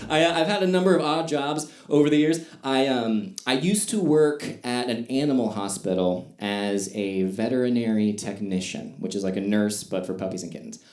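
A man's voice: lowish voice, a little mellow, echoey room. A man doing stand-up comedy on stage, telling stories in a loose, conversational way. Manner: conversational storytelling with fillers and asides.

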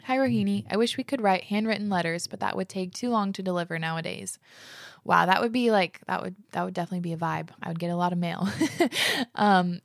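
A woman's voice: on the low side, fairly quick, gravelly, no room sound, clean studio sound. A woman hosting a podcast, chatting casually and reading listener letters aloud, gushing and saying "like" often. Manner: gushing, fills speech with "like". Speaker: podcast host.

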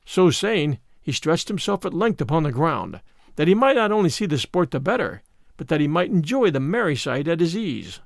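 A man narrates a storybook with animated expression, his pitch set high and moving widely. The sound is dry and close, with no room around it. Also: normal speed, gravelly, no room sound. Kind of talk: storybook reading.

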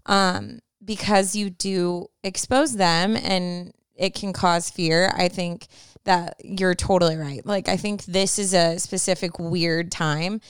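A woman's voice: fairly low pitch, steady tone, clean tone, dry recording, clean studio sound. A young woman co-hosting a podcast, chatting casually and reacting supportively. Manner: supportive, chimes in with quick reactions. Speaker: podcast co-host.

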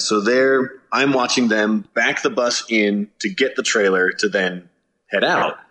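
A man casually telling a road story from a tour, animated and swearing, acting out his own shouts. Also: on the low side. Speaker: touring musician.

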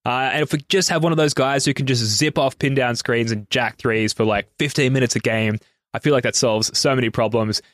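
A man's voice: medium pitch, steady tone, fairly quick, fairly bright tone, dry recording, studio quality. Rambling male podcast host. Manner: rambling, with many fillers. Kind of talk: casual podcast chat.

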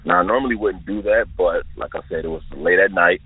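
Man in his twenties with a low, raspy voice, earnestly telling his own eerie encounter over a thin phone line. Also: brisk, dry recording. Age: 20s. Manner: careful, detailed, earnest storytelling. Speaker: listener sharing an encounter. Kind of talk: recounting a personal eerie experience. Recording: tinny dry phone-line recording.

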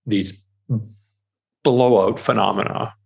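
A man, an author being interviewed, talking in a casual podcast conversation, animated and full of restarts, acting out quoted voices. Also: on the low side, slow pace, creaky, slightly rough. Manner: animated, repeats and restarts words, acts out quoted inner voices. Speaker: author guest.

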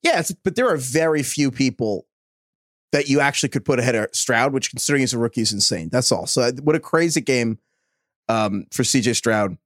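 A man co-hosting a podcast, chatting casually and rambling with quick asides. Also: medium pitch, animated, fairly bright tone, dry recording, studio quality. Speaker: podcast co-host. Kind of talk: casual sports chat.

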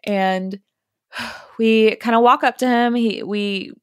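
A woman hosting a podcast, telling a story casually and acting out the quotes in hushed or high voices. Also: steady tone, takes it slowly, smooth, no echo, studio quality. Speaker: podcast host.

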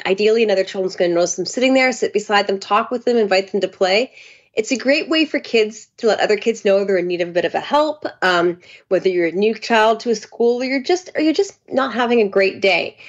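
A woman's voice: mid-range voice, highs cut off. A woman co-hosting a casual chat show from home over a remote call, talking in an upbeat, enthusiastic way. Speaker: co-host. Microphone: remote call over satellite internet.

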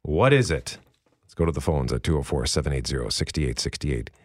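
A man's voice: very deep voice, animated, brisk. Upbeat young man, radio host. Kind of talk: casual radio chat. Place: radio studio.

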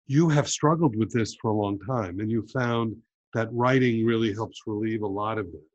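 A man's voice: fairly low pitch, moderate pace, no echo, lo-fi sound. A man interviewing an author, speaking in a reflective, thoughtful way. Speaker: interviewer and bookshop owner. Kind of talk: conversational interview.

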